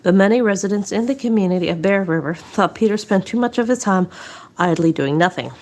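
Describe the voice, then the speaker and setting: A woman's voice: medium pitch, fairly quick, a little mellow. A woman reading local history aloud in a casual way, out of breath, stumbling and restarting, with dry asides. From southwest Nova Scotia. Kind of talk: casual read-aloud narration.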